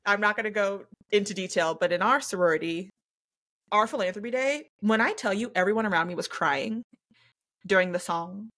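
A young adult woman hosting a podcast in casual chat, telling stories with lively acted-out quotes and frequent laughter. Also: medium pitch, brisk. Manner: animated storyteller acting out quotes, laughs often. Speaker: podcast host.

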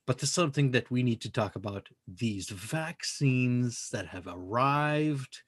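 A man's voice: medium pitch, lively intonation, a little slow, breathy edge, dry recording, studio quality. A man co-hosting a podcast, talking in a casual, profane, emphatic way that rambles from point to point. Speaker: podcast co-host.

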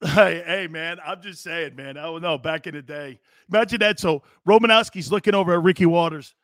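A middle-aged man hosting a sports talk show, talking in a high, bright voice. He is excitable, stumbles over his words and bursts into loud laughter. His studio mic sounds dry and close. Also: a little fast, few pauses, no echo. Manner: excitable, laughs loudly, repeats himself. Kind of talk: casual chat.

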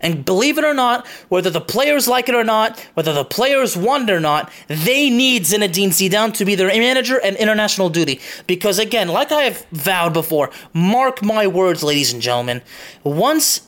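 A man's voice: high voice, sing-song, fairly quick, a bit bright. A young man hosting his own soccer show, delivering an impassioned opinion monologue, emphatic and repetitive, stopping for "okay?" and swearing.

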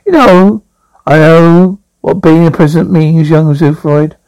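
A man's voice: on the high side, darkish tone, no echo, rough recording. A man voicing a small, grumpy, long-dead great-grandfather ghost who talks down to his great-grandson in a lofty, scolding way. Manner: lofty, scolding, slow and deliberate.

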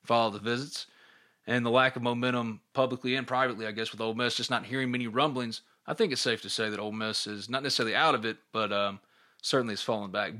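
A man's voice: mid-range voice, fairly even intonation, quick pace, bright, forceful tone. A middle-aged man hosting a podcast, chatting casually and reading listener questions aloud.

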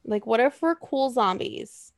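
A woman's voice: on the high side, expressive, measured pace, no echo. A woman co-hosting a casual chat, rambling and joking, swearing freely. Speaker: podcast co-host.

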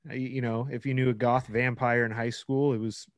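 A man's voice: medium pitch, level tone, brisk, no room sound, clean studio sound. A man co-hosting a podcast in casual chat, rambling through ideas, swearing and laughing often. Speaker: podcast co-host.

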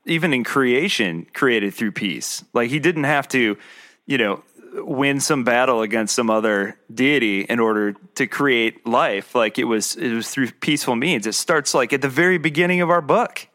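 A man's voice: medium pitch, moderate pace, pushed and bright. A man hosting a podcast, responding in a casual, affirming way with fillers like "like" and "man". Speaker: podcast host. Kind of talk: conversational interview.

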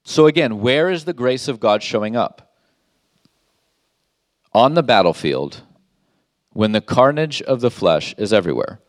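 A man's voice: medium pitch, animated, a little slow, long pauses, dry recording, studio quality. Emphatic male pastor preaching. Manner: emphatic, rhetorical questions, reads scripture aloud. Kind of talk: sermon.

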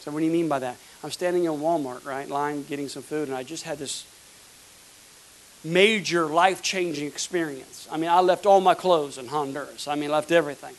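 A pastor from the United States, preaching a fervent sermon with emphatic repeated words. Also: male voice, fairly high pitch, brisk, a little hiss or hum, poor audio.

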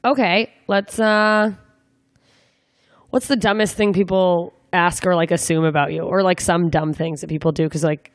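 A young woman hosts a loose interview, asking rambling questions and tossing in jokes as she goes. Her voice sits a little low for a woman, and the dry recording carries no room echo. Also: steady tone, normal speed. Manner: chatty, rambling, joking questions with fillers. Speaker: interviewer, comedian. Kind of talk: casual interview chat.

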